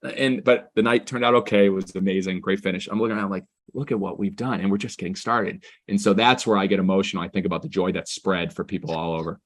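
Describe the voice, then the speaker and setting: A man being interviewed, telling stories with excitement and growing quietly emotional when he reflects. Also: low voice. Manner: excited, fast-flowing anecdotes. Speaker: guest. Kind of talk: conversational storytelling.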